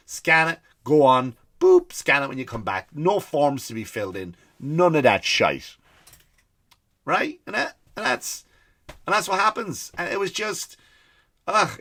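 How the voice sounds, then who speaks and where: A man with an Irish accent, a comedian hosting his podcast, telling stories in an animated comic rant and acting out the people he quotes. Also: medium pitch. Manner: animated storytelling, acts out quoted people, swears freely.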